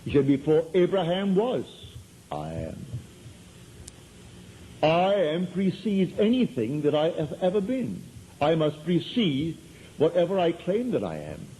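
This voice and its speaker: With a sing-song, warm voice on the high side at a moderate pace, a man gives a spiritual lecture to a live audience. He tells stories in a conversational way and repeats points for emphasis, on a low-quality recording with a little hiss or hum.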